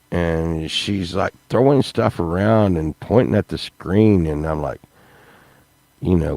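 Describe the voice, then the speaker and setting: A man's voice: low voice, expressive, slow pace, creaky, warm tone, dry recording. A man talking casually to his viewers in a rambling vlog, repeating himself and breaking into laughter. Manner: rambling, repetitive, laughs mid-sentence. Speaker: YouTube vlogger.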